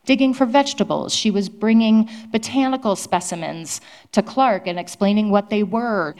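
A woman historian answering interview questions at a public event, telling stories in an animated, explanatory way. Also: mid-range voice, moderate pace.

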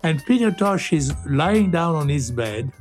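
A man's voice: fairly high pitch, expressive, unhurried, darkish tone, faint music behind. An older man hosting a radio show, bantering playfully through studio outtakes, joking, laughing and breaking into silly song.

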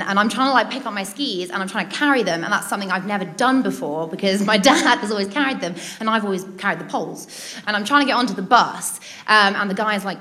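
A woman's voice: medium pitch, fast, pushed and bright. A British woman telling a personal story to an audience in a chatty, amused, self-mocking way. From Britain. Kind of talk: personal anecdote told to a live audience.

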